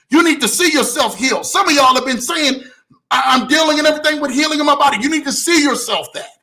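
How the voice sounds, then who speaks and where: A man preaches about faith and wealth in a motivational talk. His voice sits very high for a man and sounds bright and forceful. He keeps repeating lines and shouts often. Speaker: host.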